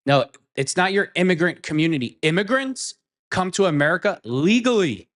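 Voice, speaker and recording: A man's voice: sits high, expressive, moderate pace, fairly bright tone. A man hosting a political commentary show, reacting to clips in a scornful, mocking way and swearing.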